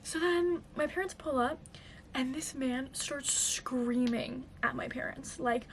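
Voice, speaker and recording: A woman's voice: high voice, normal speed, slight background noise. A young woman telling a casual storytime to her vlog audience, chatty and full of fillers. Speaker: vlogger.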